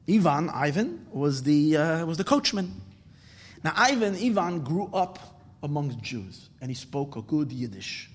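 A man telling a story in a sermon, earnest and emphatic, with halting restarts. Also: a little high, expressive, big-room sound.

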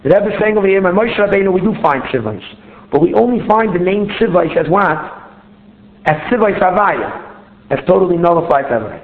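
A man's voice: sits high, expressive, fairly quick. A man teaching a religious text step by step, often asking himself questions and repeating words as he searches for the next one. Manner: explains step by step, asks himself rhetorical questions. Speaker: Torah teacher. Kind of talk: text study lecture. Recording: tinny phone-line sound in a roomy space.

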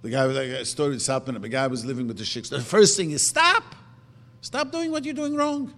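A man preaching a sermon emphatically, asking rhetorical questions and slowly chanting verses. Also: mid-range voice, expressive, a bit bright. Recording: long reverb of a hall.

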